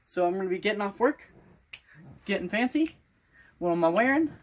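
A man's voice: very high-pitched, brisk, pauses often. A sixteen-year-old boy vlogging casually to camera, rambling and playful in a loose made-up accent. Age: teens. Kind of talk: casual vlog talk to camera.

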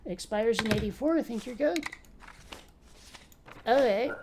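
A woman's voice: a little high, measured pace, noisy background. A woman giving casual let's play commentary, bantering sassily with the characters on screen. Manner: playful, sassy banter with game characters.

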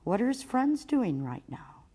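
A woman's voice: on the high side, very animated, a little slow, dark tone, husky. A woman children's librarian reading a picture book aloud expressively for storytime.

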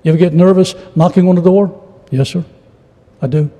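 A man's voice: high voice, fairly quick, warm tone. A middle-aged man preaching a sermon as a traveling evangelist, folksy and humorous, with frequent stammered restarts, in a church. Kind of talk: sermon with storytelling. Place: church sanctuary. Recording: church hall reverb.

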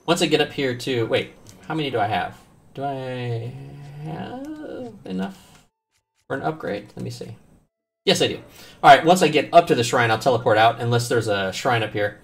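Animated, swearing male game streamer. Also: mid-range voice, normal speed, creaky. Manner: animated, swears often, jokes with chat. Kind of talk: casual live-stream commentary.

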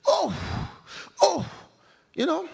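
A male preacher giving an animated, humorous sermon, acting out scripture in a large hall. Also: extremely high pitch, extremely slow, gravelly. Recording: long hall reverb.

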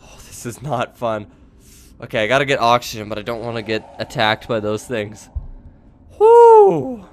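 A man giving let's play commentary, excitable and quick to yelp, talking straight to his viewers. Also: on the low side, slight background noise. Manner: excitable, yelps and jumpy outbursts, addresses viewers. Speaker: gaming video creator.

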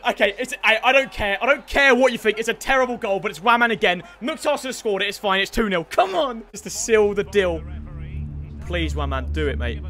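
A man giving excited video game football commentary, pleading with his players, screaming at goals and then apologizing for the noise. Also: high-pitched, fast, hardly any pauses. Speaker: gaming YouTuber.

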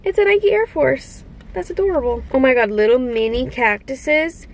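A young woman in her twenties chatting casually to her viewers as she opens gifts, gushing and gasping with excitement. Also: high-pitched, moderate pace, low-quality recording. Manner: gushing, excitable, gasps often. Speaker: vlogger. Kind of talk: casual unboxing chat.

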